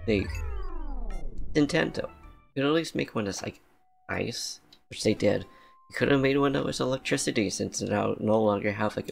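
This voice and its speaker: A man with a low, gravelly voice talks casually through a playthrough, rambling and laughing often. His speech is loose and slangy, as if chatting with friends, and he uses a desk mic. Game music plays clearly behind him. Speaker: let's play commentator. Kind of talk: casual gameplay commentary.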